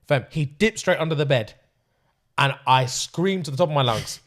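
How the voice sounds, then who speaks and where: A man's voice: medium pitch, normal speed. A man, telling a story in a casual chat full of slang and laughter. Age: 20s. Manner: animated, heavy slang, often laughing.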